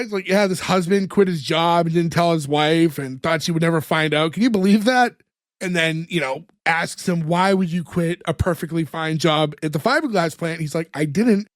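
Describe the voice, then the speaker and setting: High-voiced man. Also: no echo, clean studio sound. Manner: relaxed storyteller, laughs often, acts out lines. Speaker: podcast co-host recapping the episode. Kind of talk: casual podcast chat.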